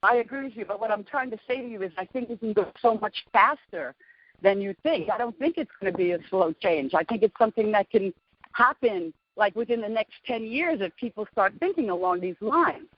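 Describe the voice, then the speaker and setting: Husky woman, earnest and opinionated. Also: medium pitch, lively intonation, brisk, no echo. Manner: earnest, opinionated, agreeing often. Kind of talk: casual interview chat. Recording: dry, dull lo-fi audio.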